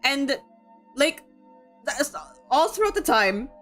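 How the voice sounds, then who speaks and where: Chatty laughing woman, slightly high voice. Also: very animated, slow, fairly bright tone, faint music behind. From Philippines. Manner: chatty, laughing, filler-heavy. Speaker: streamer. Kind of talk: casual book discussion.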